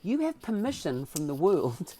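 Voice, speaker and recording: This New Zealand-accented podcast guest has a voice that sits high and moves at a moderate pace. Telling an animated story, he performs the dialogue with lively vocal swings.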